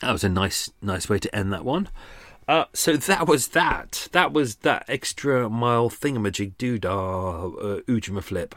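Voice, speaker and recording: A man's voice: medium pitch, expressive, normal speed, fairly bright tone, dry recording. A man hosting a true crime podcast, rambling casually with many fillers and restarts, a little out of breath. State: slightly out of breath. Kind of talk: casual unscripted narration.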